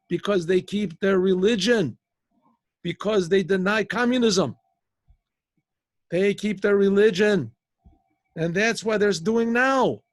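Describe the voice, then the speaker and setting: A storyteller acting out an angry middle-aged Soviet secret police chief who rants insistently. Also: male voice, fairly high pitch, lightly acted. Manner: indignant, insistent ranting.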